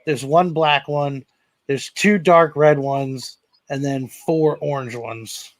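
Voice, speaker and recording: A man's voice: fairly high pitch, steady tone, slow pace. A man co-hosting a casual chat show, joking and wry. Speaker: podcast co-host.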